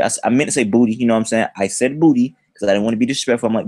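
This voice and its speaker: A young man chatting on a livestream, rambling through a slangy high school story. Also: racing, no echo. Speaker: livestream host.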